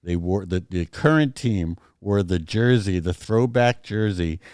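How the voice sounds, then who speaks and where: A deep-voiced man co-hosting a casual sports talk show, opinionated and quick to restart his sentences. The sound is dry and close, with no room around it. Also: animated, darkish tone, no echo. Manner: opinionated, talks in bursts with restarts. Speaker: podcast co-host.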